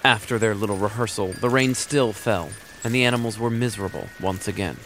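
A man narrating a fairy tale for children in a lively, wry storytelling manner. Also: fairly low pitch, a little fast, soft background music.

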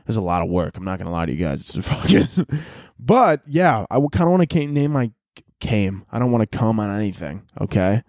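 A man hosting his own podcast in a rambling, profane comedic monologue that breaks into loud yelled bits. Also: mid-range voice, dry recording, studio quality. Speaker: podcast host.

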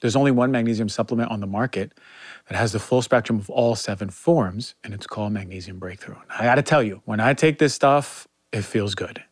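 A man's voice: on the low side, fairly quick, no room sound, studio quality. A man hosting a health podcast, who is also a doctor, interviewing a guest and often affirming with "right?" and also reading an ad. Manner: affirming, "right?" tag questions. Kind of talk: interview and read ad.

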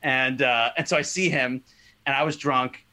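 A man's voice: medium pitch, steady tone, normal speed, sharp tone. A man co-hosting a podcast in casual chat, telling rambling stories full of fillers and restarts. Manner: rambling storytelling with many fillers. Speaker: podcast co-host.

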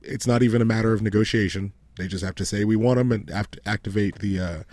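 A man's voice: on the low side, steady tone, fast talker, a little mellow, dry recording. A man co-hosting a casual sports podcast, blunt and profane, giving strong opinions. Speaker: podcast co-host.

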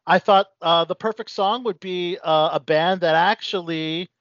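A man's voice: high-pitched, measured pace, fairly bright tone, no room sound, dull audio. Rambling male radio host. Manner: rambling, filler-heavy. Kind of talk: casual radio chat.

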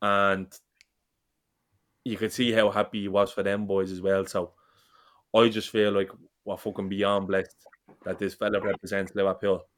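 A man talks football on a casual podcast. His voice sits fairly low and stays flat in pitch, and he swears freely and often repeats himself. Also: normal speed, long pauses. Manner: passionate, sweary, repeats words. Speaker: podcast co-host.

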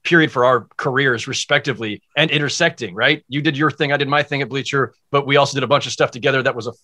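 Bright-voiced man, a reflective guest. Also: medium pitch, fast. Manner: warm, reflective, heartfelt. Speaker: guest sportswriter. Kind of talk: casual chat.

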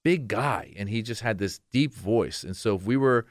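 A man in his forties from Iran, a comedian guest telling animated stories in a casual interview. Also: fairly low pitch, normal speed, dry recording, studio quality. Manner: animated, acts out voices in anecdotes.

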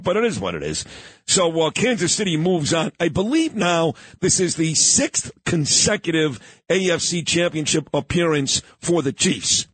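Male morning radio host, husky, lively, dry close mic. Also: a little high, dry recording. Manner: chatty, joking, coughing at times. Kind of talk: casual morning radio talk.

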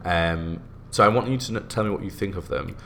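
A young man with a very low voice chats on a podcast. He talks in quick, lively bursts and laughs often. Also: vocal fry. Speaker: podcast co-host and guest editor. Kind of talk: casual podcast chat.

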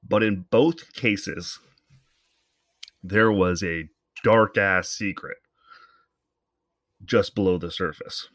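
A blunt man with a somewhat low voice, delivering an opinionated solo podcast monologue. He swears freely and rambles from point to point. His voice is close to a podcast mic and sounds dry, with no room. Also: slow pace, long pauses, a bit bright, no echo. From Canada. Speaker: podcast host.

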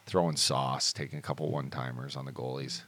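A man's voice: a bass voice, level tone, brisk, a bit bright. A man in his late thirties co-hosting a podcast, chatting casually, rambling through stories and swearing freely. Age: 30s. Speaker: podcast co-host. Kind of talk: casual chat.

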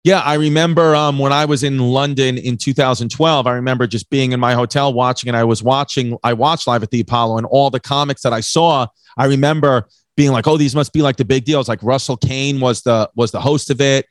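A man's voice: mid-range voice, steady tone, brisk, few pauses, no room sound. A man from New York with a New York accent, a comedian hosting a podcast, rambling in a joking way and repeating his words. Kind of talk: casual podcast chat.

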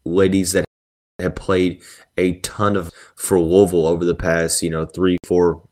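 A man's voice: sits low, level tone, unhurried, a little mellow. A man hosting a solo sports podcast, talking through basketball news in a rambling way with lots of fillers and restarts. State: yawning and sneezing.

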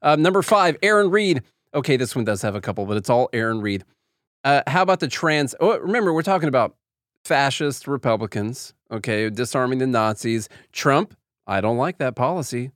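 A man's voice: medium pitch, animated, fairly quick, a bit bright, no echo, studio quality. A man hosting a podcast, talking in a sarcastic, opinionated and rambling way. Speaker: podcast host. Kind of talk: casual commentary.

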